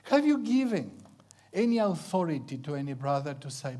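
A man preaching in a fairly high voice that rises and falls with great liveliness. He climbs to loud, excited peaks, then sinks to hushed near-whispers. Playful sound effects lighten his sermon. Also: normal speed. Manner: acts out sounds with playful onomatopoeia.

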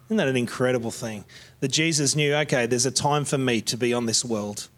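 A man's voice: medium pitch, brisk. A middle-aged man preaching a heartfelt sermon, praying aloud and telling folksy country stories. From Australia.

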